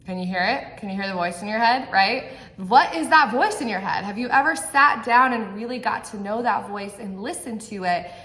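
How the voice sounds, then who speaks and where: A woman's voice: medium pitch, animated, moderate pace, bright, forceful tone. A woman giving a motivational talk to camera as a mindset coach, earnest and direct, often checking in with the viewer. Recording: echoey room.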